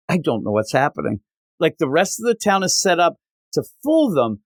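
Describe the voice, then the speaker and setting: A man co-hosting a comics podcast in casual chat, animated and exasperated, slipping into mock voices when quoting characters. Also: on the high side, moderate pace, no room sound, clean studio sound. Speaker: podcast co-host reviewing comics.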